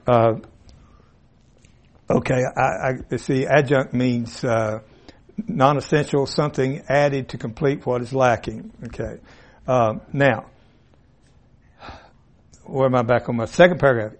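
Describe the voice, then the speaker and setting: A man teaching an informal Bible class in a classroom, folksy and rambling with asides and restarts. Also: medium pitch. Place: classroom with a board. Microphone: room mic, at times turned away.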